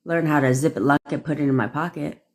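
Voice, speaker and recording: A woman's voice: sits low, fast talker. A woman coaching viewers on a livestream, talking casually and bluntly with plenty of swearing, and answering commenters by name. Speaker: manifestation coach hosting a livestream.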